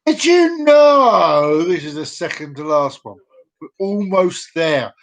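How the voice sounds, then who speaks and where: Lively, high-voiced man hosting a vlog. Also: slow pace. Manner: rambling, jokey, repeats himself. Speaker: vlog host. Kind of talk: casual live-stream fact reading.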